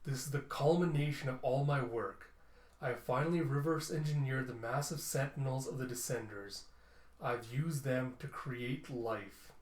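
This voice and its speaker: A man voicing a proud male inventor who turns desperate, read slowly and grandly from a comic. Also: mid-range voice, lightly acted. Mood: grandiose. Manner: slow, grandiose reading of lines. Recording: roomy echo.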